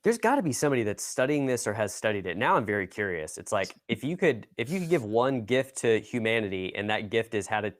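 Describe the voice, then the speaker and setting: A man's voice: lowish voice, very animated, fast talker, few pauses, dry recording, clean studio sound. A man hosting a podcast, musing in a thoughtful, casual way. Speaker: podcast host. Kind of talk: podcast conversation.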